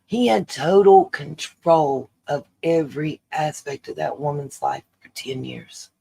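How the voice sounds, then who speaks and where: A woman's voice: deep voice, a little slow, gravelly, mellow, breathy edge. A woman hosting her own channel, giving opinion commentary straight to her viewers, emphatic and repeating her points for weight. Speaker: channel host.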